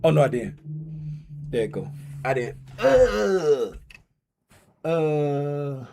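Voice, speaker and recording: A man's voice: fairly high pitch, big pitch swings, extremely slow, creaky, noisy background. A man hosting a casual trading livestream, bantering and teasing his viewers in a loose, playful way.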